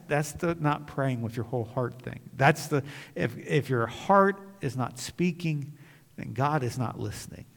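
Male pastor, 40s, earnest sermon delivery with emphatic peaks, long church-hall reverb. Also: mid-range voice. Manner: earnest preaching, rising to emphatic peaks then dropping to quiet storytelling.

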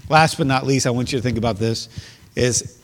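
A man's voice: mid-range voice, brisk. A man preaching as a pastor, explaining scripture with rhetorical questions and reading verses aloud. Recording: long hall reverb.

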